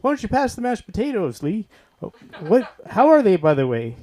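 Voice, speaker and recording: A man voicing his father, a wannabe broadcaster who narrates family moments in a loud announcer patter. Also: sits high, big pitch swings, brisk, voice pushed up. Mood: announcing.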